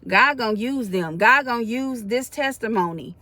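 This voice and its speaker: A woman's voice: on the high side, animated, normal speed, bright, forceful tone, no echo. A woman in her forties gives a spoken faith testimony. She talks in a colloquial, earnest way that builds into preaching. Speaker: faith vlogger.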